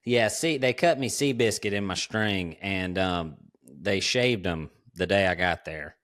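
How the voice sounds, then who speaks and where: A man, hosting a podcast and telling ranch stories in a relaxed, drawling way, laughing often. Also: deep voice, a little slow. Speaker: podcast host. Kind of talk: casual storytelling chat.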